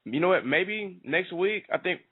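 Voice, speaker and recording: A man's voice: high-pitched, animated, normal speed, slightly rough. A man hosting a wrestling talk show, chatting casually and hesitantly, with many fillers and some slang. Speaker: radio show host. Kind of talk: casual interview chat. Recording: tinny phone-like sound.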